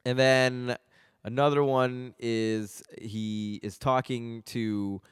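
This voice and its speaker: A man's voice: mid-range voice, fairly even intonation, slow pace, clear, resonant tone, dry recording, clean studio sound. Laughing man on a casual podcast. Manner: laughs often, acts out movie quotes in mock voices. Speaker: podcast co-host. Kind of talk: casual chat.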